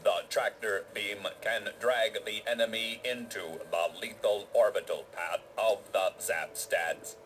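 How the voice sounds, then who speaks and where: A collective of crystal and machine aliens from a game, speaking in a low, stiff and formal way. Each sentence comes out measured and even. A faint hum sits under the voice. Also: male voice, rough recording.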